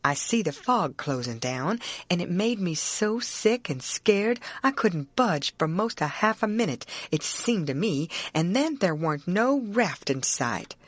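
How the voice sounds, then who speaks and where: A woman's voice: lowish voice, big pitch swings, unhurried, hardly any pauses, no room sound. A woman narrating a classic novel as an audiobook, telling it first-person in a plain rural dialect.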